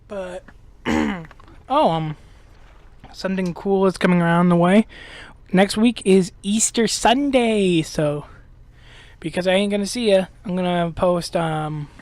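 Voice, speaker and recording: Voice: medium pitch, darkish tone. Rambling gaming host with a slight lisp. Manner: rambling, hesitant talk with many restarts. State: dry mouth. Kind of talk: casual gameplay commentary.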